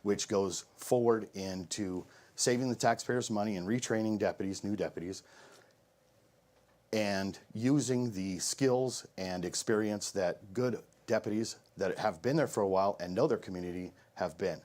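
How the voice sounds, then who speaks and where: A sheriff candidate delivers pointed, emphatic debate answers and rebuttals. His voice sits a little low, pressing each point firmly. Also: normal speed, darkish tone.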